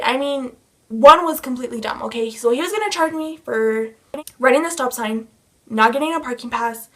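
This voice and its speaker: A woman's voice: fairly high pitch, a bit bright. A young woman vlogger telling a story in a heated, profane rant.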